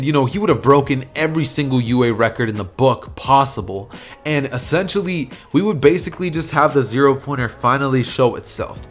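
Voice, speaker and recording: A man narrating an anime fan story in a casual, rambling way with plenty of fillers. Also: medium pitch. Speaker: YouTube storyteller. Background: soft music.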